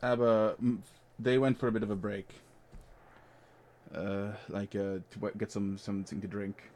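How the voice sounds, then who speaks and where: A man running an online tabletop game as game master, halting and full of fillers, joking at his own expense. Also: fairly low pitch, flat delivery, a little mellow, a little hiss or hum.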